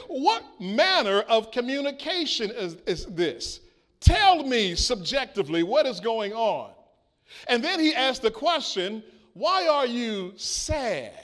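Male preacher, high voice, slow and deliberate, reads scripture and calls for responses. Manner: slow, deliberate delivery with call-and-response prompts; acts out biblical speakers in quoted voices. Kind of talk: sermon with scripture reading.

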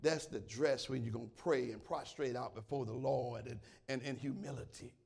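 A man preaching a sermon, swinging from shouted exclamations to quiet prayer and repeating words as he calls out to his congregation. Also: medium pitch, steady tone, normal speed, creaky, breathy edge. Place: church.

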